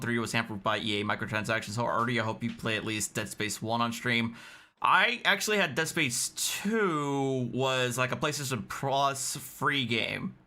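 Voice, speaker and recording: A man's voice: medium pitch, bright, forceful tone. A man hosting a channel, chatting casually and reading out viewer messages. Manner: quick, chatty, apologetic asides. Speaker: commentary channel host.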